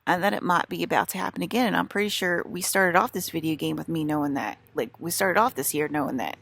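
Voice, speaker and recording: A woman's voice: fairly low pitch, quick pace, gravelly, a bit bright. A woman with an American country accent, rambling in an agitated, profane and repetitive monologue as a vlogger.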